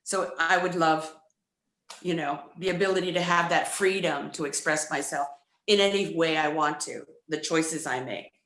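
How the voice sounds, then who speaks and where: Woman, actor at a virtual press conference, hesitant, lowish pitch, roomy echo. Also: normal speed, a bit bright. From United States. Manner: hesitant, thoughtful, laughs between phrases.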